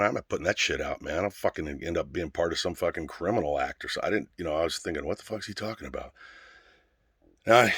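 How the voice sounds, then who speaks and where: A man's voice: sits low, a bit bright, no echo, studio quality. A middle-aged man, out of breath, telling a story in a casual, rambling way that is full of swearing. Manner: profane, rambling, conversational.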